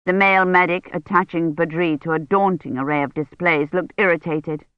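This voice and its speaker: A woman narrating a novel in a steady, even reading voice. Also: on the low side, fairly quick, few pauses, dry recording. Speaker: audiobook narrator. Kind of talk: scripted narration. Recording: dull lo-fi recording.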